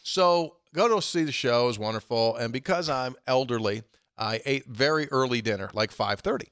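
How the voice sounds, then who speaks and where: A man hosting a casual sports chat, telling stories in an animated way and chuckling as he mimics the people he quotes. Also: normal speed, clean tone, dry recording, clean studio sound. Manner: animated, acts out quoted voices with big jumps in pitch; chuckles often while telling a story. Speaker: podcast host.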